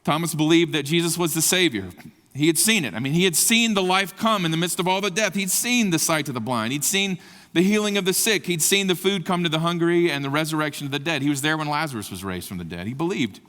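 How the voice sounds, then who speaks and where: A fast-talking man with a fairly high, fairly bright voice and lively intonation preaches a sermon at a conference. His passion climbs to emphatic peaks, and long reverb from the large hall surrounds him.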